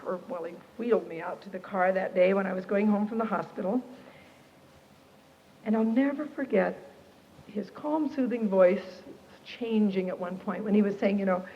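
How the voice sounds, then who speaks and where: A woman giving a personal testimony to a Christian camp audience, expressive and animated, acting out the people in her story. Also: medium pitch, slight background noise. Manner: animated, expressive, quotes herself and others. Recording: dull lo-fi archive tape, reverberant hall.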